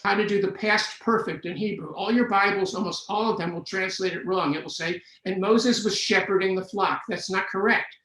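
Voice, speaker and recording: Older guy giving a bible lecture, high pitch, dry jokes, roomy echo. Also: normal speed, few pauses, sharp tone. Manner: wry, explanatory, with dry jokes. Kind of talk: online lecture.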